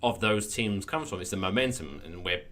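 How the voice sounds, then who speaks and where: A man's voice: deep voice, expressive, normal speed, fairly bright tone. A man co-hosting a podcast in casual chat, rambling and restarting his thoughts, swearing now and then. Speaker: podcast co-host.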